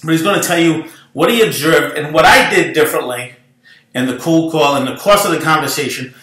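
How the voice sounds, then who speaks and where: Brief: middle-aged New broker, self-promoting pep talk, sharp high voice. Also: male voice, a little fast. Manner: rambling, animated, self-promoting. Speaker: real estate broker. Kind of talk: casual motivational monologue. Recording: echoey room.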